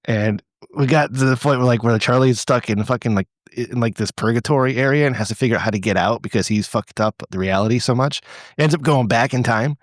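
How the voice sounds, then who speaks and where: A man's voice: mid-range voice, brisk, no echo. A man hosting a podcast in loose, rambling chat, swearing freely and restarting his sentences. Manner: rambling, profane, with frequent restarts. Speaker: podcast host.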